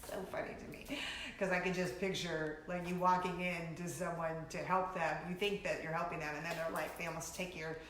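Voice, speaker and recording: Middle-aged woman, vlog host, casual chat; bright, animated, laughs a lot; roomy echo. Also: fairly low pitch, moderate pace, a little hiss or hum. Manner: animated storytelling, breaks into laughter, acts out shrieks. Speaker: vlogger host.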